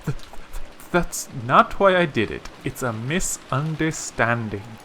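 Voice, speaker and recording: A man's voice: medium pitch, animated, takes it slowly, sharp tone, slight background noise. A man voicing a timid young maid. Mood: polite. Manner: humble, deferential speech. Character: polite young female maid, timid and formal. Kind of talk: reading a visual novel aloud.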